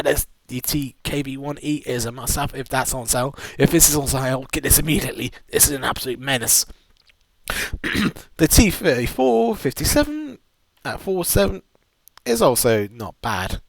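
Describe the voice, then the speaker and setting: A man's voice: mid-range voice, no echo. A man giving a casual, rambling game buying guide, full of restarts and enthusiastic asides. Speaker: gaming video host.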